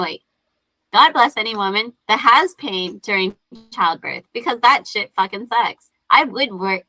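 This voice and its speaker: A woman in her thirties, a guest on a podcast, chatting casually in an animated, profane way and acting out quotes as she tells stories. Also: mid-range voice, no echo, poor audio.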